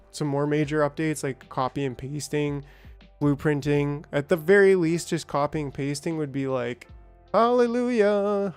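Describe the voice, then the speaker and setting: A man's voice: fairly high pitch, darkish tone, clean tone. A man casually rambling through a game stream, reading patch notes and greeting chat viewers by name. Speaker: gaming streamer. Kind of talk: casual let's-play commentary.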